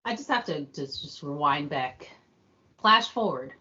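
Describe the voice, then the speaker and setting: A woman's voice: low voice, lively intonation, unhurried, sharp tone, breathy edge, lo-fi sound. A woman co-hosting a podcast, recapping an episode in a teasing, playful way. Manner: teasing, playful, quotes characters in voices. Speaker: podcast co-host. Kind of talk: casual recap chat.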